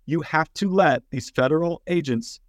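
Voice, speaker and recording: A man from Texas co-hosting a casual political chat, explaining things in a plain-spoken, steady way with fillers. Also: on the high side, normal speed, no echo, clean studio sound.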